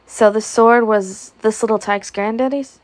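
A woman reading the part of a gruff, boastful Yankee sergeant who drawls about old battles. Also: fairly high pitch, fairly even intonation, measured pace, dry recording, lightly acted. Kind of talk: audiobook character reading.

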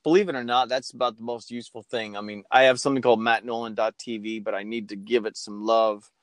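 A man's voice: medium pitch, fairly even intonation, fast talker, no echo. Chatty man with a mid voice. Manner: chatty, jokey, puts on voices in anecdotes. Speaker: guest. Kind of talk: casual interview chat.

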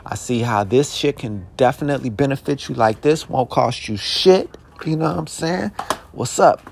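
A man's voice: mid-range voice, normal speed, creaky, slight background noise. A young man hosting a podcast, talking alone in a rambling, profane, streetwise way, now and then flaring into heated questions. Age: young adult. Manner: heated bursts into shouted questions. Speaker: podcast host. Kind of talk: casual monologue.

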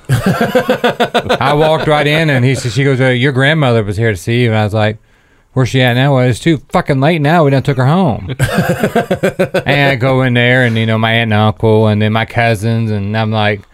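A man's voice: mid-range voice, clear, resonant tone. A young man telling a long, profane story to friends, acting out the quotes as he goes. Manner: rambling, profane, acts out quotes. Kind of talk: casual story among friends.

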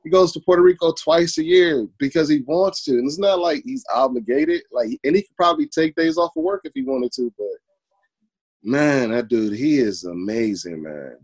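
A man's voice: on the high side, normal speed, darkish tone, breathy edge, poor audio. A man who works as a barber, talking earnestly in an interview over a video call and repeating his points for emphasis. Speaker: barber guest. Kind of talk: casual conversational interview.

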